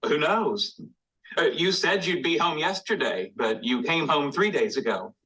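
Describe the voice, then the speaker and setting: A man's voice: a little high, animated, measured pace, fairly bright tone, breathy edge, exaggerated voice, poor audio. An actor playing a suspicious, sarcastic man in a sitcom scene. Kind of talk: sitcom acting.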